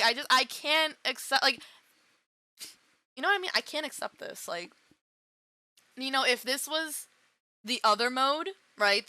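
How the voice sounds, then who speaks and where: A woman streaming a game, talking through it with big, dramatic reactions and plenty of swearing. Her voice sits a little high and sounds bright and forward, recorded close and dry. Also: no room sound. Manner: dramatic, laughing and wailing, swears freely. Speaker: VTuber streamer. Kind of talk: emotional let's-play reaction.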